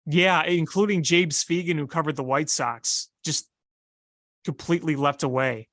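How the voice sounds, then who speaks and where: A man's voice: fairly high pitch, steady tone, measured pace, a bit bright, no echo, studio quality. A man co-hosting a sports podcast in casual chat, emphatic and opinionated.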